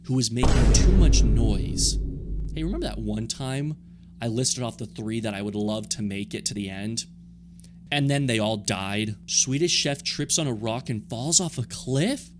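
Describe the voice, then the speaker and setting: Excitable man reacting to a simulation. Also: medium pitch, slight background noise. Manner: excitable, reacts loudly with sudden shouts. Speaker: channel host. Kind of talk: casual reaction commentary.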